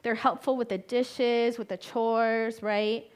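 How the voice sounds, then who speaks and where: A young woman therapist speaking to a room of parents in a chatty, conversational way, her voice sitting a little high. She often asks the audience questions and briefly slips into the voices of the people she quotes. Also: level tone, takes it slowly, clear, resonant tone. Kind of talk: talk at a conference.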